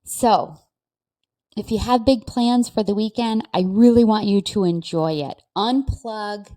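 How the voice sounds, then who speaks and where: A woman's voice: mid-range voice, dark tone. A woman hosting her own podcast, talking casually and reflectively to listeners, encouraging herself and laughing often. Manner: slow, reflective and self-encouraging, with frequent laughs. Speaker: podcast host. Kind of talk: casual solo podcast monologue.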